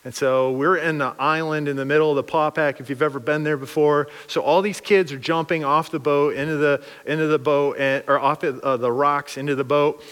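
A man preaching a sermon through a funny, animated story, acting out the people he quotes. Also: on the high side, brisk, hardly any pauses, smooth, big-room sound. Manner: animated, joking, acts out quotes.

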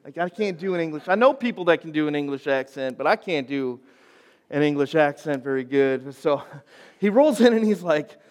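A man preaching a sermon to high schoolers in a church, animated and conversational, often laughing at himself. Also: normal speed. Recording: long hall reverb.

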